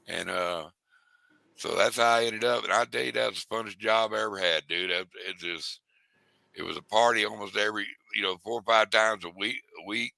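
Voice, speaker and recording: A man's voice: on the low side, a little fast, vocal fry, sharp tone, dry recording, rough recording. A middle-aged man, rambling through stories in casual chat. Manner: rambling, drawling storyteller.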